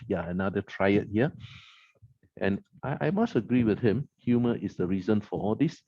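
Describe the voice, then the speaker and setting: A man's voice: fairly low pitch, animated, normal speed, darkish tone, husky, no echo, dull audio. A man at a club meeting, reviewing the evening's speeches, quoting lines back and naming the rhetorical devices in them. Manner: analytical, quotes lines and names rhetorical devices. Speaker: meeting evaluator.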